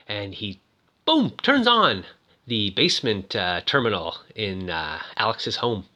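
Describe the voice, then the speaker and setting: A man's voice: lowish voice, sing-song, unhurried, pushed and bright. A man giving casual, jokey commentary on a movie, exclaiming often. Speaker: movie reviewer.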